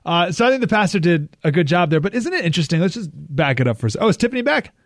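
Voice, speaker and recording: A man's voice: sits high, very animated, very fast, no room sound. A man hosting a call-in radio talk show, talking casually with frequent restarts and dry sarcasm. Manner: conversational, restarts often, joking sarcasm. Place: radio studio.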